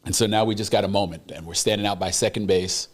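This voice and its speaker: Man, podcast guest, casual storytelling, low voice, animated and self-mocking. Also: quick pace. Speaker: baseball broadcast manager, podcast guest.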